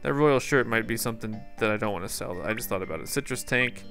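A man's voice: lowish voice, quick pace, fairly bright tone, soft background music. A man hosting a casual gameplay video, chatting in a playful, rambling way with jokey asides. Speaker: gameplay host. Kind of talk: casual let's-play commentary.

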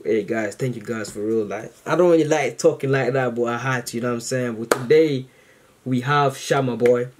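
A man hosting a reaction video, chatting casually to camera in a rambling, slangy way full of fillers, excited and grateful. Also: medium pitch, moderate pace, background noise.

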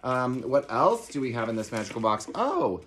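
A man's voice: mid-range voice, sing-song, moderate pace, fairly bright tone. A man directing a theater camp, gushing and theatrical as he unboxes a gift box in a promotional video.

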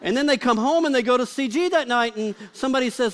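Brief: male pastor with a very high voice, preaching in a chatty, joking way. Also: expressive, fast talker, few pauses, fairly bright tone. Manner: conversational and humorous, with frequent filler "like". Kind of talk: live sermon.

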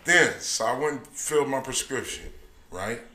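Profane, animated male comic storyteller. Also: mid-range voice, normal speed. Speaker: comedian podcast host. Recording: echoey room with crowd.

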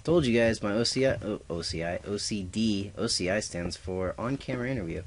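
A man's voice: lowish voice, a little fast. A man giving casual gameplay commentary as a let's player, goofy and talking to himself with little sound effects. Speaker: let's play gamer.

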